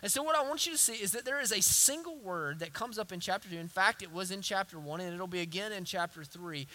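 A man's voice: sits high, bright, forceful tone. A man with a Southern accent preaching an earnest sermon, building to emphatic repetition. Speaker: pastor.

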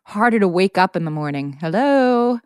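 A middle-aged woman co-hosting a podcast, leading the talk in a brisk, lightly joking way. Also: lowish voice, no room sound, studio quality. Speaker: podcast co-host. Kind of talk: casual chat.

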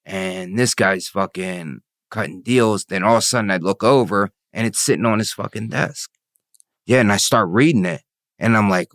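Very low voiced man, blunt swearing storyteller, dry close sound. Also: normal speed, a bit bright, no echo. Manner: blunt, swearing, frequent "you know what I mean". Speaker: interview guest. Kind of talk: candid storytelling, profane.

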